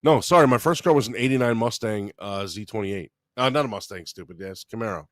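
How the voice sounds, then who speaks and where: A man's voice: on the low side, a little fast, dry recording. Swearing New man telling a story. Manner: animated storyteller, swears freely, laughs mid-story. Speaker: podcast co-host. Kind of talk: casual comedy storytelling.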